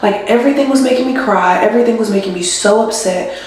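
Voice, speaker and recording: A woman's voice: fairly high pitch, quick pace, darkish tone. A young woman, a nurse, chatting casually in a rambling, confiding way as she does her hair at home. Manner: rambling and chatty, heavy use of "like"; confiding and emotional. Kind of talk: casual vlog chat. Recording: very echoey room.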